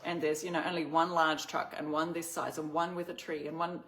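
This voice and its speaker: A woman's voice: deep voice, little pitch movement, brisk, fairly bright tone. An Australian woman hosting a casual craft livestream, chatting and reading out viewer comments. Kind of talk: casual live-stream chat.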